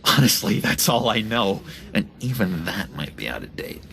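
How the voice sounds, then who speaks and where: Game role: low, gravelly, unhinged ex-inmate, whispers and lurches, faint music behind. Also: male voice, very animated, moderate pace, a bit bright, exaggerated voice. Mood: evasive. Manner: erratic, whispery, swings from pleading to threatening. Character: unstable, clingy man, ex-asylum inmate with sudden menace. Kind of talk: video game voice acting.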